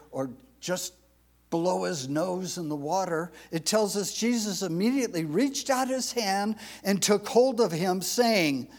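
A man preaching a sermon, reading scripture aloud and repeating phrases for emphasis. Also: high voice. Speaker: pastor.

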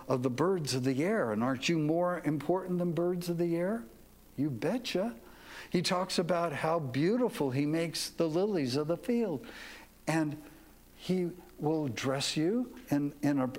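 A man preaching a sermon as pastor, folksy and leading the congregation to repeat lines after him. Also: a little high.

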